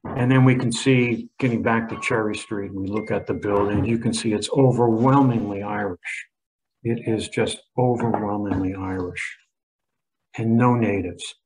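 A man's voice: on the low side, fairly even intonation, normal speed, a little mellow, a little hiss or hum, low-quality recording. A man in his seventies, a history professor, giving an emphatic lecture with slides and frequent restarts. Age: 70s.

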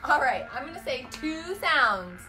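Lively woman teaching a phonics lesson. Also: high voice, unhurried, slight background noise. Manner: bouncy, clearly enunciated teacher prompts. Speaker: kindergarten teacher and mother. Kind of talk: online kindergarten phonics lesson. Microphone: phone camera. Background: guitar played alongside.

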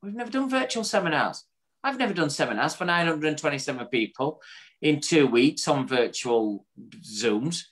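A man's voice: a little high, animated, normal speed, a bit bright. A man, co-hosting a podcast in casual chat and wrapping up the episode with an upbeat summary. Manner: chatty, upbeat, wraps up with a summary. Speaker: podcast co-host.

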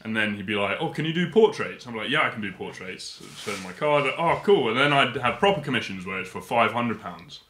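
A man's voice: mid-range voice, a little fast, few pauses, reverberant, a little hiss or hum. A man, telling stories as a podcast guest and acting out the voices of people he quotes. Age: 20s. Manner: lively storyteller who acts out quoted voices. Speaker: guest artist. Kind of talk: casual podcast storytelling.

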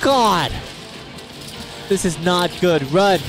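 A man streaming a video game live, shouting excited curses and taunts at the enemies. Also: high voice, drawn-out words, poor audio. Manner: loud excited cursing and taunting. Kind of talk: live gameplay commentary. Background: game music.

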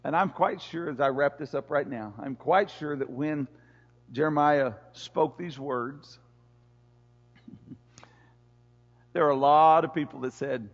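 A man's voice: on the high side, measured pace, long pauses. A man preaching a sermon as pastor in a church, pleading with his listeners in an impassioned, repetitive way. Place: church sanctuary. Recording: echoey church hall, dull lo-fi sound.

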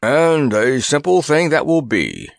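A man voicing a pompous, grumpy male elephant in a storybook, with a gruff, sarcastic, grumbling manner. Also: on the low side, sing-song, unhurried, dry recording, clean studio sound, exaggerated voice. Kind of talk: audiobook character voice.

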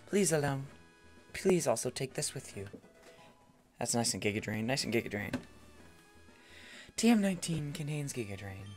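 A gentle young woman gym leader, soft and polite, speaking formally, as a man puts her on. Her voice sits a little higher and quieter than his own. It is heard through a headset mic. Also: very animated, moderate pace, long pauses, soft background music, lightly acted.

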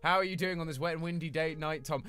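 A man's voice: a little high, fast talker, sharp tone. Chatty British man streaming, music behind. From Britain. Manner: chatty, rambling, answers chat readers. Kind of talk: casual chat with live chat. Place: small home room.

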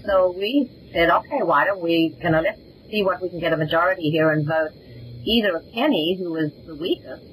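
A woman's voice: fairly low pitch, slight background noise, poor audio. An older woman with a South African accent, a former reality show contestant telling stories as a guest in a casual interview. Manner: chatty, rambling, quick to laugh.

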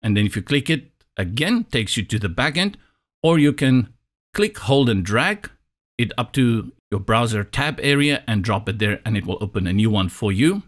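A man's voice: mid-range voice, very animated, moderate pace. Dry, wry South African man teaching. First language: Afrikaans. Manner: dry, slightly sarcastic, step-by-step explaining. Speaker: tutorial instructor. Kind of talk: screen-recorded software tutorial.

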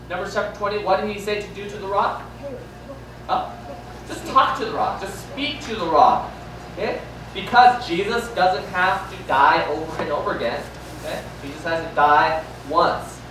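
A man's voice: sits high, a bit bright, a little hiss or hum. A male pastor preaching a sermon, asking the congregation questions and repeating key lines. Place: large echoey church hall. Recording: echoey hall from far off with faint ambience.

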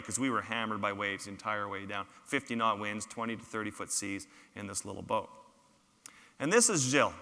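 A man's voice: mid-range voice, sharp tone. A photographer giving a public talk, telling his field stories with humorous, self-deprecating asides. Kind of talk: storytelling lecture with slides. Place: large lecture hall. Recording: reverberant lecture hall.

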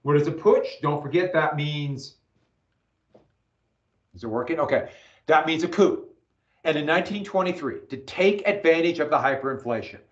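Guy teaching history over a video call from home, a bit high-pitched, roomy echo, dull muffled sound. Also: animated, moderate pace, long pauses. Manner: rambling, self-interrupting, checks connection. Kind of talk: online class lecture. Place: home room. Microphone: computer mic on video call.

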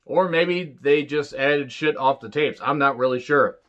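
A man's voice: on the high side, fairly bright tone, highs cut off. Blunt, profane man reviewing wrestling. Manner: blunt and profane, with quick mocking impressions. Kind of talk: casual solo review monologue.

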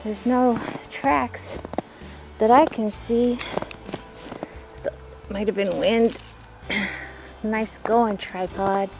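A woman's voice: fairly high pitch, steady tone, extremely slow, vocal fry, long pauses, over music. A woman chatting to herself on a snowy outdoor vlog, breathless and laughing often. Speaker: vlogger. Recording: noisy outdoor recording.

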